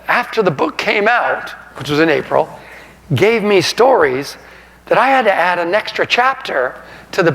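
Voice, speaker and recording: A man in his sixties, a sportswriter giving a talk, telling funny stories to a live audience in an animated way and laughing as he goes. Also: high-pitched, gravelly. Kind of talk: humorous storytelling to a live audience. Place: lecture hall. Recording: reverberant hall sound.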